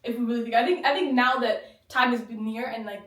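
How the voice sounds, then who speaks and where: A young woman chatting on a podcast in a loose, blunt way, cursing freely and slipping into little voices for the people she quotes. Her voice sits a bit high and sounds set back from the mic in an echoey room. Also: a little fast, a bit bright, far from the mic. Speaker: podcast co-host. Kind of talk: casual chat.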